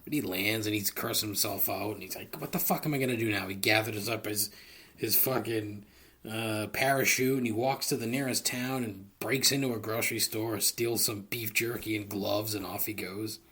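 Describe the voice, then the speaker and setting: On his solo comedy podcast, a man with a lowish, sharp voice carrying a breathy edge talks at a moderate pace in a steady tone. He rambles profanely into a close studio microphone, cracking himself up.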